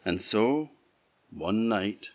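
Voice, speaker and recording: A man from Orkney with an Orcadian Scottish accent, telling a folk tale in an unhurried, rhythmic way. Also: fairly low pitch, expressive. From Orkney, Scotland. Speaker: storyteller. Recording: dull lo-fi recording.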